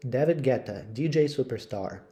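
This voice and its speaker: A man's voice: medium pitch, expressive, dark tone. Man reading English lessons aloud. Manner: slow, careful read-aloud delivery. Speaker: English teacher. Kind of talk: reading textbook passages aloud.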